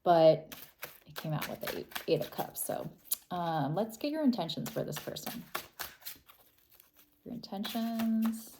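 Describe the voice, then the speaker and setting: A woman giving a casual tarot reading, talking in a soft, thoughtful way and often trailing off and restarting. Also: fairly low pitch, animated, measured pace, pauses often, noisy background. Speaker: tarot reader.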